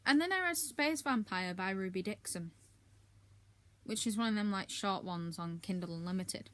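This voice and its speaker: A woman's voice: mid-range voice, expressive, normal speed, a bit bright, dry recording. A woman giving a casual, candid wrap-up of her monthly reading, chatty with frequent filler ums and blunt asides. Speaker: book reviewer.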